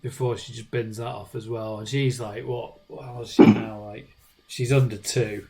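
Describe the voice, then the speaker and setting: A man co-hosting a podcast, telling animated stories in casual chat. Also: medium pitch, moderate pace, low-quality recording. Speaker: podcast co-host.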